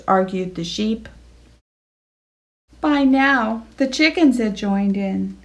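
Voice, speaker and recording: A woman reading a children's picture book aloud, slow and expressive, jumping up in pitch for the animals. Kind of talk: read-aloud storytelling.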